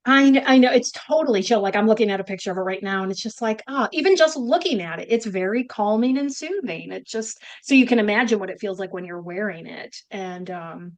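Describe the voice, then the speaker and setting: A woman's voice: medium pitch, animated, brisk, hardly any pauses. Chatty Northern woman co-host. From upstate New York. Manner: chatty, rambling, many restarts and fillers. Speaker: podcast co-host. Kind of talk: casual chat.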